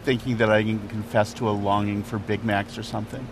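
Relaxed, knowledgeable male food critic. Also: lowish voice, fairly quick, a little hiss or hum. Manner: relaxed, knowledgeable, thinks aloud with fillers. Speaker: restaurant critic. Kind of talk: casual conversational explaining. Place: inside a car at a drive-thru, then a restaurant.

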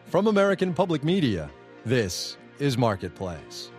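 A man's voice: medium pitch, sing-song, normal speed, over music. A man hosting a public radio business news program from a studio, talking in a conversational way with wry asides. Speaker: news anchor.

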